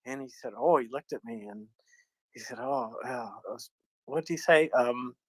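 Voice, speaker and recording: A man's voice: mid-range voice, moderate pace, no room sound, rough recording. An American man in casual talk, telling a rambling, self-mocking story with many fillers. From United States. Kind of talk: casual chat.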